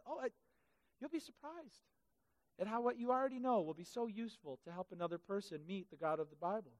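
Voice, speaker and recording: Animated preacher with a lively high voice. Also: male voice, fast. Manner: animated, acts out Bible characters with comic voices. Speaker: pastor. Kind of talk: sermon. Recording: hall reverb.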